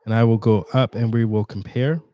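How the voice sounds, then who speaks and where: A man's voice: fairly low pitch, steady tone, dark tone, dry recording. Tired guy talking thru a screen tutorial, chatty, lots of ums and restarts, dry close sound. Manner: chatty, halting, with fillers and restarts. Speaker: tutorial host. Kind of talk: casual screen-share tutorial.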